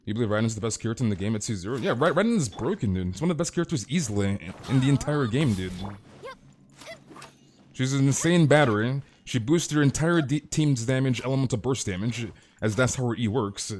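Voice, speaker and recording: A man's voice: mid-range voice, fast talker, a little hiss or hum. Ranting, stammering male game streamer. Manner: excitable, stammering repeats, frequent swearing. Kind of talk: casual live-stream rant.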